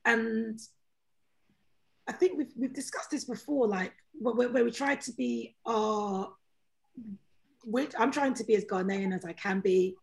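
A woman with a London accent, a regular on a podcast panel, thinking aloud in casual chat with halting restarts. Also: fairly high pitch, gravelly, darkish tone.

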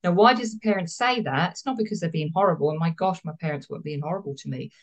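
A woman's voice: fairly low pitch, quick pace. A woman therapist, speaking as a guest in a podcast interview, explaining earnestly and repeating words for emphasis.

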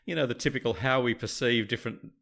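A man co-hosting a podcast with his son, chatting in a slow, halting, rambling way. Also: mid-range voice, vocal fry, fairly bright tone. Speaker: podcast co-host, the host's father. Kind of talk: casual chat.

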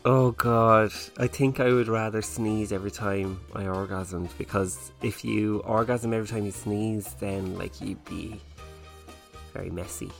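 A man's voice: on the low side, fairly even intonation, a little slow, gravelly, faint music behind. An Irish man co-hosting a podcast, trading teasing, laughing banter in casual chat. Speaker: podcast co-host.

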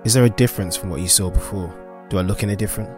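A man voicing his brooding male warrior character, back from the dead, in a low, hushed and intense way at a tabletop game. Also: very fast, over music, natural voice.

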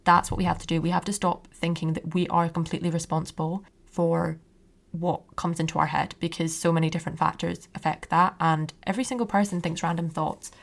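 Casting note: young woman, podcast host, low-pitched and a little gravelly, chatty and reassuring in a personal monologue.

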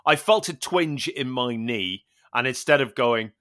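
A man in a relaxed podcast conversation spins a story, acting out quoted dialogue and swearing casually; he co-hosts the show. He speaks in a mid-range, fairly bright voice at a measured pace.

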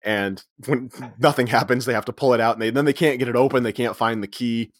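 A man's voice: medium pitch, steady tone, no echo, clean studio sound. A man co-hosting a podcast, casually retelling movie scenes and laughing as he goes. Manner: retells scenes with quick quoted voices, laughs often. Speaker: podcast co-host. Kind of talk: casual movie recap chat.

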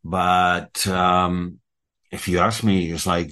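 Low male voice from Latin America, candid panel guest who acts out exchanges. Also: little pitch movement, slow, a bit bright. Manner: candid, anecdotal, acts out dialogue. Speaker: voice actor panelist. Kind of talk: panel discussion.

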